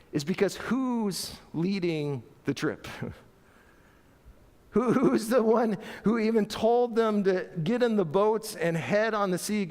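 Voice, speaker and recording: A middle-aged male pastor preaching a sermon in a church, animated and playful, acting out voices with laughter. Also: high voice. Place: church sanctuary. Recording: long church reverb.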